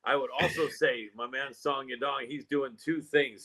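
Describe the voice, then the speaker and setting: A man's voice: medium pitch, steady tone, normal speed, pushed and bright, low-quality recording. A man hosting a sports podcast, chatty and jokey as he runs through upcoming fights. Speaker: podcast host. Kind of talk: casual MMA podcast chat.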